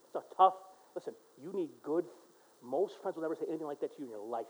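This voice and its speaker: Emphatic pastor swinging from hush to loud. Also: male voice, fairly high pitch, lively intonation, fast talker, breathy edge, poor audio. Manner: swings from hushed prayer to loud emphatic exhortation. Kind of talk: sermon.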